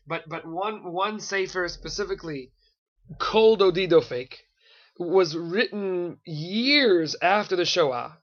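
A man with a high, bright-pitched voice leads a Torah class, explaining with animated rhetorical questions and Hebrew terms. The recording is muffled and lo-fi. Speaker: Torah teacher.

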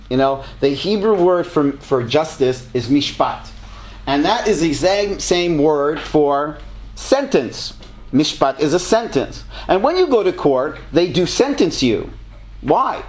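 A man's voice: a little high, a little mellow. A man in his sixties, a rabbi answering audience questions in a conversational, joking way, with Hebrew terms mixed in. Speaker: rabbi teaching a class.

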